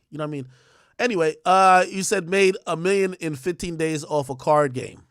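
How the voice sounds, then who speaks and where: High-voiced man ranting on a livestream. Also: a bit bright, no room sound, studio quality. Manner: profane, confrontational, rapid-fire. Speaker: livestream host. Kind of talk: heated livestream rant.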